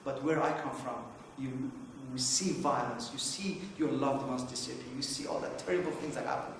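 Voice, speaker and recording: A man's voice: medium pitch, normal speed, slight background noise. Rambling man in an echoey hall. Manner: rambling, anecdotal, many fillers and restarts. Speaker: conference speaker. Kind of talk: informal opening remarks. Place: conference hall. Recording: echoey hall, distant mic.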